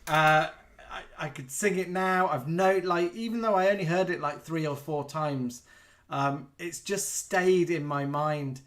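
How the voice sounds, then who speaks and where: A man's voice: a little high, a little slow, fairly bright tone. A man co-hosting a live chat show, rambling and giggly in casual talk.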